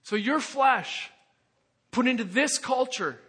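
An earnest man preaching a sermon, pressing his listeners with rhetorical questions. His voice sits unusually high and rings bright and sharp, and the delivery stays emphatic throughout. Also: slow, husky. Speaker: pastor.

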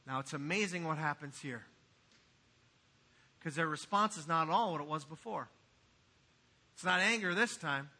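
A man preaching a sermon in a church, swinging from quiet asides to loud, emphatic passages. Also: high voice, moderate pace. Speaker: pastor. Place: church sanctuary.

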